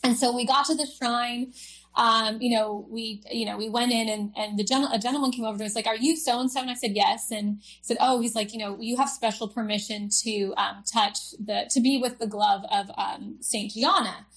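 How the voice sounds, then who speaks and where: Young female guest sharing a personal testimony, halting and emotional, voice sitting a bit high. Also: steady tone, a bit bright. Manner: halting, emotional storytelling with many fillers.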